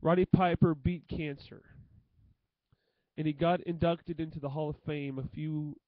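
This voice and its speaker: Halting young man in a dull dry recording. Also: a little high, fairly even intonation, dry recording. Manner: halting, repeats phrases and restarts often. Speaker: vlogger. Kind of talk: emotional tribute monologue to camera.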